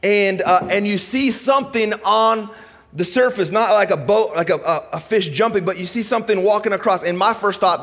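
A middle-aged man preaching a sermon in a church, animated and conversational, swinging between loud excitement and hushed softness. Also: high voice, fairly quick, long reverb tail, soft background music. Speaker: pastor. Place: church sanctuary.

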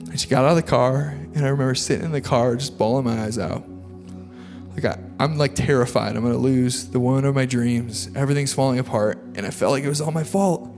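A man's voice: mid-range voice, steady tone, brisk. A man preaching a sermon testimony, earnest and confessional, talking loosely with lots of fillers, in a large hall with an audience. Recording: long hall reverb with faint music behind.

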